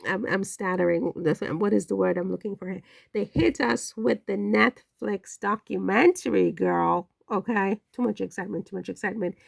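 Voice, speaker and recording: A woman hosting a commentary channel, delivering a sarcastic, animated monologue and repeating words for effect. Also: mid-range voice, gravelly, dry recording.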